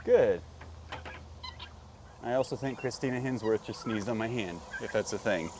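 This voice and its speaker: A man's voice: lowish voice, moderate pace, background noise. A man hosting a farm vlog outdoors, chatting casually and talking fondly to his animals. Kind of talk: casual chat while doing farm chores.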